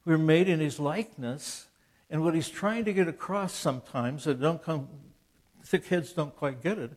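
With a slightly high, darkish voice at a moderate pace, this man in his 70s, a Christian author, gives a loose, conversational preaching talk. He drifts into asides and restarts, and voices quoted dialogue earnestly and plainly.

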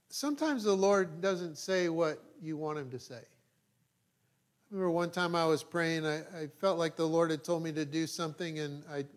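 Preaching in a voice on the high side, a male pastor reads passages of scripture emphatically, then breaks off into chatty asides and abruptly quiet comments during his sermon.

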